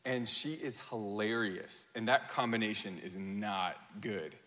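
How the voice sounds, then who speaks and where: A man in his thirties preaches with a bright, forceful voice that rings through a large hall with a long reverb. He tells stories with animated energy, acting out quotes and laughing at himself. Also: on the low side, measured pace. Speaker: pastor. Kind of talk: sermon.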